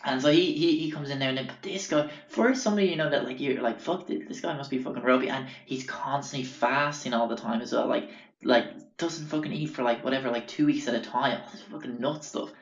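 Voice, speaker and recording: A man's voice: mid-range voice, a little fast. A man hosting a podcast, rambling through sweary anecdotes and acting out the people he quotes. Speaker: podcast host. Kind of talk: casual storytelling. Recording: roomy, dull lo-fi sound.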